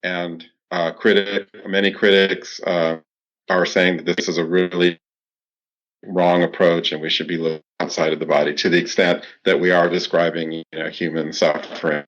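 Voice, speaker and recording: A man, a clinical psychologist, answering interview questions in a steady explanatory way, with frequent "you know" fillers. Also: low voice, moderate pace, dull audio.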